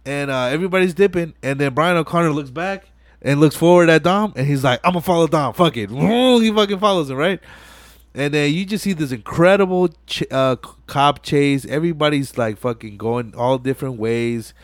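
A man hosting a podcast, retelling a film scene in casual chat with animated, profane storytelling. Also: a little high, moderate pace, no echo. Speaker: podcast host.

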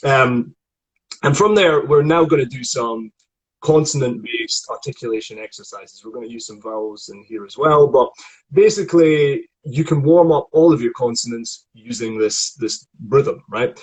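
In a guided warm-up lesson, a male voice coach walks his student through tongue and articulation drills and models each sound himself. His medium-pitched voice is slightly rough and moves at a moderate pace over poor-quality audio.

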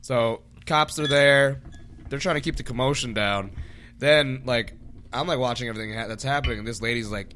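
A man's voice: mid-range voice, brisk, a bit bright. A man casually telling a story from his bartending job, acting out rude customers in raised voices. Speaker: podcast co-host, bartender.

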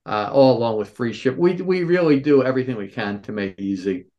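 A man's voice: medium pitch, fairly quick, muffled recording. A man in his sixties, a store owner, telling stories as a podcast guest and acting out the people in them. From Philadelphia area. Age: 60s. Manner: animated storyteller, acts out quoted voices. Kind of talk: storytelling interview answers.

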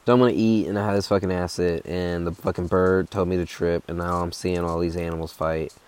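Deep-voiced laid-back young man. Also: little pitch movement, brisk, darkish tone, clear, resonant tone. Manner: laid-back, profane, rambling. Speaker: hiker. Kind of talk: casual storytelling.

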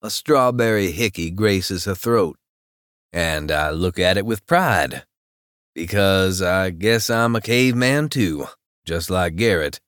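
A man reading a first-person romance audiobook in a very deep, unhurried voice. His tone stays low-key and wry, and the recording is close and dry. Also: lively intonation, a bit bright, clean tone, dry recording. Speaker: audiobook narrator.

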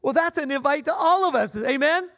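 A man preaching a sermon as pastor, swinging between loud emphatic cries and low asides. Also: lively intonation, a little fast.

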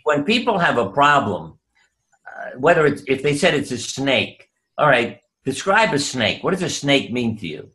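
An older man tells stories from his years as a doctor, unhurried and anecdotal. He talks from a video call, and his voice sits at an average pitch. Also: big pitch swings, pushed and bright. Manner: anecdotal, unhurried, drops voice for quoted lines. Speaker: guest, doctor. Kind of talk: storytelling interview.

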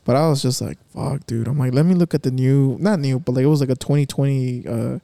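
A man's voice: mid-range voice, fast talker, creaky, mellow, no room sound. A young man telling a rambling, profane story among friends at home, slipping in Spanish phrases. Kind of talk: casual chat among friends.

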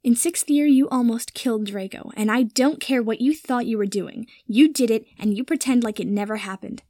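A woman voicing a fierce, protective young woman who talks in a sharp, cutting way. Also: on the high side, normal speed, no room sound, studio quality. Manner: cutting, forceful when angry.

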